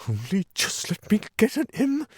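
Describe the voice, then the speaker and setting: A man voicing an excitable, vengeful male toad, yelling high and wild. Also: normal speed, slightly rough, no room sound, studio quality, exaggerated voice. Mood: seething. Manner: frenzied, yelling.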